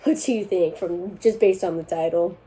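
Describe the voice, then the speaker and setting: A woman's voice: lowish voice, moderate pace, mellow, poor audio. A young woman chatting casually as host, reading online posts aloud and laughing between lines. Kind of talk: casual chat reading forum stories aloud.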